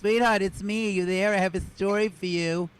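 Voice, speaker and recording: A woman's voice: mid-range voice, fairly even intonation, normal speed, close to an everyday voice. A man voicing a chatty, guilt-tripping mother leaving rambling voicemails. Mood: nagging. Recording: noisy video call audio.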